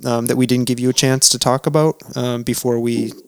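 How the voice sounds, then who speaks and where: A podcast host talking in a relaxed, encouraging way with many ums, close to the mic. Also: mid-range voice, a little fast, clean tone, no room sound. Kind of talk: casual podcast chat.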